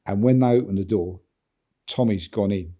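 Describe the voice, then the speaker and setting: A man's voice: fairly low pitch, normal speed, mellow. An older English man, a guest on a podcast, telling a long anecdote in a rambling way, repeating words and chuckling as he goes. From England. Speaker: football agent, guest. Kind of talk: anecdotal storytelling in a podcast interview.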